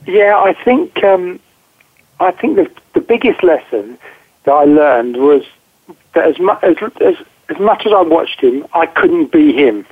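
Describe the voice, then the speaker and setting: A man's voice: high voice, lively intonation, a little slow. Emphatic man on a tinny phone line. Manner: direct, emphatic, repeats words while thinking. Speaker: guest. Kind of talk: phone interview.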